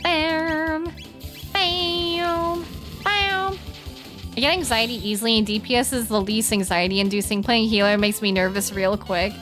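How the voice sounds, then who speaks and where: A woman's voice: mid-range voice, steady tone, fast talker, few pauses, a bit bright. A young woman streaming a game, chatting casually, giggling and singing along. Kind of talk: casual let's-play chat. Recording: game music in background. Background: game music.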